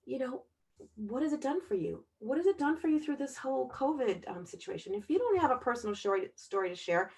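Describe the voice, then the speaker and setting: A middle-aged woman giving a casual sales training talk, chatty and warm-toned, checking in with "okay?" after almost every point. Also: high voice, sing-song, fairly quick. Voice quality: chatty, repeats "okay?" often.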